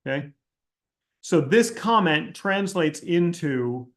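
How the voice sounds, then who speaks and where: Blunt, slightly high-voiced man answering questions. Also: slow. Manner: blunt, candid and skeptical, thinks aloud with restarts. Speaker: host answering audience questions. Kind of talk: casual Q&A livestream talk.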